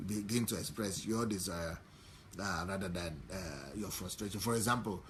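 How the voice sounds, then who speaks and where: Low-voiced Nigerian man preaching slowly. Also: steady tone, slight background noise. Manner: unhurried, repetitive preaching with many fillers. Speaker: pastor. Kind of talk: sermon.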